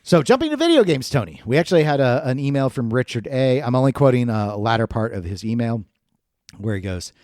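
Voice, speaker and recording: A man co-hosting a casual podcast, his pitch jumping around as he jokes and riffs. The sound is dry and close, with no room to it. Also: quick pace, few pauses, dry recording. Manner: animated, jokey, puts on silly voices. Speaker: podcast co-host. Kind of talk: casual chat.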